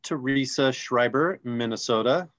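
A man co-hosting a casual online call, reading names in a relaxed, friendly, joking way. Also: medium pitch, a little slow, highs cut off. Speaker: co-host.

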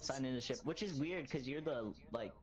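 A man's voice: medium pitch, moderate pace, dull audio. A young man in casual gaming chat, teasing and slangy in a playful way. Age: young adult. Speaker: gaming co-player.

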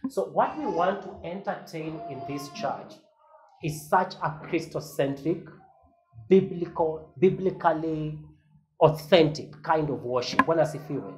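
Earnest pastor preaching. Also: male voice, fairly high pitch, a little slow, slight background noise, rough recording. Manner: earnest, emphatic, repeats a call-and-response refrain. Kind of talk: sermon.

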